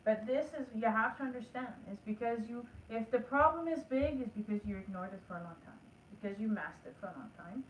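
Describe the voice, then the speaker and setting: In an echoey room, heard from a distance, a woman who teaches energy work delivers a spiritual lesson. Her fairly high voice moves fairly quickly with hardly any pauses over slight background noise. Earnest and coaching, she acts out the inner talk she wants listeners to have with themselves.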